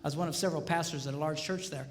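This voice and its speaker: A man's voice: on the high side, racing. A male pastor giving a comedic seminar talk, telling stories and acting out the dialogue. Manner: animated storytelling, acting out dialogue. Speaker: pastor and marriage speaker. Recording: echoey hall reverb, faint noise.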